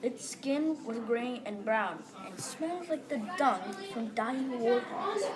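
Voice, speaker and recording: A woman's voice: a little high, expressive, slow pace. A woman reading a story aloud as one of several narrators, plain with a few restarts. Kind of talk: group read-aloud narration. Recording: crowd noise behind.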